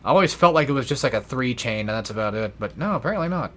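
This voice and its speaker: A man's voice: medium pitch, expressive, rapid-fire, fairly bright tone, slight background noise. A young man giving casual gameplay commentary, rambling and swearing freely with self-deprecating asides. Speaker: let's play gamer.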